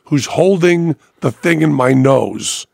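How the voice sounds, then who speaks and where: A man hosting a podcast, telling a story in a casual, animated way and acting out other people's voices. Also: fairly high pitch, takes it slowly, gravelly, no echo, studio quality. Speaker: podcast host.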